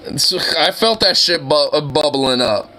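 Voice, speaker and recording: A livestreamer chatting casually on a live reaction stream, voice turning hoarse and raspy, excitable and swearing, squealing high when gushing. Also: a little slow, slight background noise, low-quality recording.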